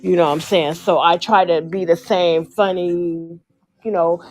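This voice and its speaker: A woman from the United States chatting casually on a podcast, an animated storyteller who acts out what other people said. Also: lowish voice, a little slow, a little hiss or hum. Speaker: podcast co-host, school teacher. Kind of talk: casual chat.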